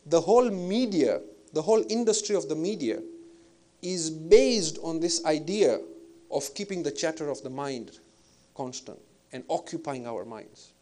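Male preacher, slightly high voice, measured and reflective delivery with fillers. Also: expressive, dark tone. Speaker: Islamic preacher. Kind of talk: spiritual lecture.

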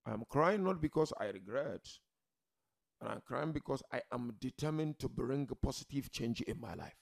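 Gravelly, animated male preacher. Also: moderate pace. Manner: emphatic, swings from loud declarations to low murmurs; addresses the audience directly. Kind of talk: religious sermon. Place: gathering hall with a seated audience.

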